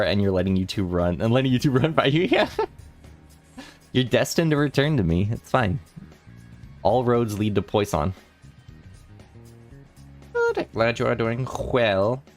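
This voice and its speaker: A young man on a casual study livestream, working through math problems out loud, rambling and correcting himself as he talks to chat. His voice is still a little rough from the morning. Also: on the low side. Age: young adult. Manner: rambling, self-correcting, chatty with chat readers. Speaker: vtuber math streamer.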